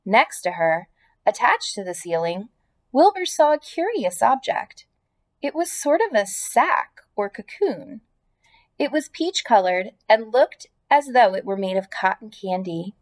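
A teacher reading a storybook aloud. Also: female voice, medium pitch, sing-song, a little slow. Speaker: elementary school teacher. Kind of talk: children's book read-aloud.

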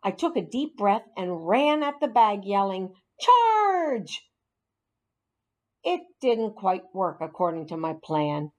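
A woman reading a children's storybook aloud in an expressive, animated way. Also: mid-range voice. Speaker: narrator.

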